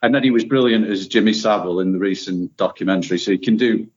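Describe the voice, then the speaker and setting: A man's voice: on the low side, quick pace. A man as a podcast guest, talking casually and enthusiastically about his favourites. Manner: relaxed, opinionated, enthusiastic. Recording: dull lo-fi audio.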